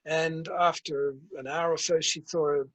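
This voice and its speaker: An older man, a guest author and principal telling stories in a measured, reflective interview. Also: fairly high pitch, flat delivery, fairly bright tone, rough recording. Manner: measured storytelling, tells anecdotes.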